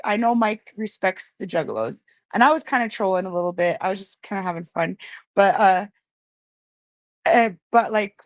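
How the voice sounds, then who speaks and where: A woman hosting a casual livestream, talking bluntly and rambling with plenty of swearing, her greetings to viewers jumping up high and excited. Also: no echo. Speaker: livestream host.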